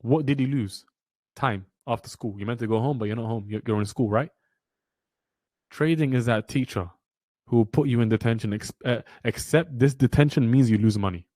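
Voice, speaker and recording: A young man gives a motivational trading lecture in a blunt, preachy way, driving his points home with passion and repetition. His voice sits at an ordinary middle pitch. The sound is dry and close, with no room echo. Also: moderate pace, warm tone. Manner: blunt, preachy, passionate, repeats lines for emphasis. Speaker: trading mentor.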